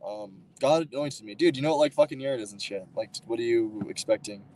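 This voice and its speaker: A man hosts a livestream over a streaming mic, rambling and arguing with his chat in a loose, profane way packed with fillers and restarts. His voice is medium-pitched, fast and mellow, and the audio quality is poor.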